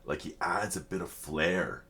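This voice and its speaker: A middle-aged man hosting a reaction video, talking in a heartfelt, halting way with many fillers and restarts. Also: low voice, bright, forceful tone. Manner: heartfelt, openly emotional. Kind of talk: casual reflective chat.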